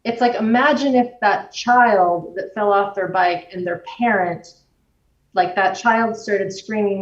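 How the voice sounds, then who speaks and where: A woman guest explaining the nervous system in a measured way, using everyday examples. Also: medium pitch, fairly even intonation. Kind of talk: explanatory conversation. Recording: roomy, distant, dull-sounding recording.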